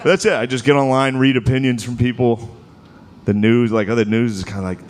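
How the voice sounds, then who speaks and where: A man's voice: medium pitch, steady tone, a little fast. A man doing a stand-up comedy set on a club stage, loose and profane, slipping into mocking voices. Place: comedy club stage before a laughing crowd. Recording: live club recording with audience noise.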